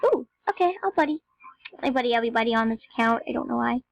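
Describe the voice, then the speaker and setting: A woman's voice: fairly high pitch, lively intonation, fast talker, creaky, no room sound, dull audio. A young female gamer chatting to viewers in a rambling, casual way as she plays. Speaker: game video narrator. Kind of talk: casual gameplay commentary.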